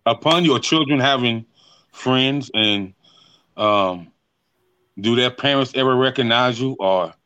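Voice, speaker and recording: A man's voice: mid-range voice, slow pace, long pauses, pushed and bright, clean tone, dry recording, dull audio. A man hosting a casual interview, laid-back and repeating words as he works toward his questions. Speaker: podcast host.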